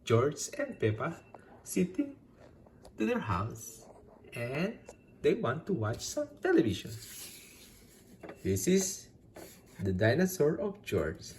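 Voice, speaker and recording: A woman narrating a toy play for kids in simple, slow storytelling. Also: sits low, wildly swooping pitch, a little mellow, slight background noise.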